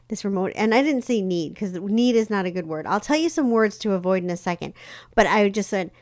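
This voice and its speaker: Chatty woman giving manifesting advice. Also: mid-range voice. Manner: chatty, rambling, many fillers. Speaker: psychic tarot reader. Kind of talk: casual live-stream talk.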